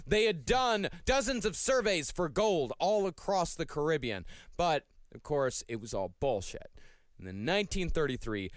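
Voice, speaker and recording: A man hosting a comedic podcast, telling a history story and reading sponsor copy in a relaxed, storytelling way. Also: fairly high pitch, moderate pace, dry recording, clean studio sound. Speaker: podcast host.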